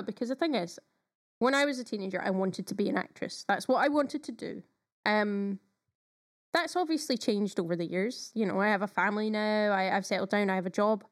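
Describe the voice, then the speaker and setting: A woman's voice: medium pitch, moderate pace. A woman co-hosting a podcast in casual chat, talking with enthusiasm and lots of fillers. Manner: chatty, enthusiastic, frequent fillers. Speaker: podcast co-host.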